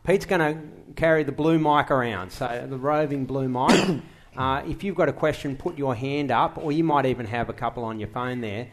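A man's voice: mid-range voice, moderate pace. A man hosting an on-stage interview and encouraging questions from the audience. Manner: encouraging, brief affirmations. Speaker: interviewer and event host.

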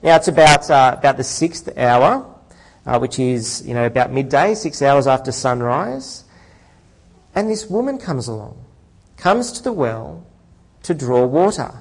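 A man preaching a sermon in a relaxed, conversational way, leading a prayer and explaining a Bible passage. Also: mid-range voice, a little slow, rough recording. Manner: conversational, frequent fillers and restarts.

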